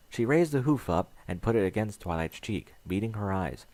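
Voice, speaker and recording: A man narrating a fan fiction story in a lively storytelling manner. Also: fairly low pitch, normal speed, no echo.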